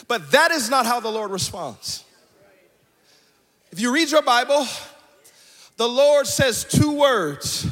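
A man preaching a sermon as pastor, building in chanted call-and-response to shouts. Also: very high voice, lively intonation, slow, pauses often.

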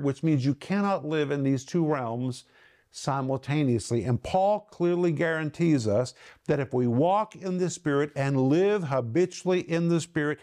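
Bible teacher, man, middle-aged, somewhat high voice, earnest, leans into emphasis. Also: a little mellow. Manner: earnest, slows and lifts his voice for emphasis. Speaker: Bible teacher and ministry host.

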